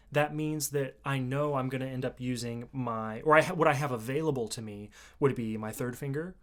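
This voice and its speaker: A man at a middle pitch walks viewers through a mandolin lesson, talking loosely and restarting his sentences as he thinks. Faint plucked strings sit behind his voice. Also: normal speed, soft background music. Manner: relaxed, explanatory, with frequent fillers and restarts. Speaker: mandolin teacher. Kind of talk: casual video lesson. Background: mandolin playing between phrases.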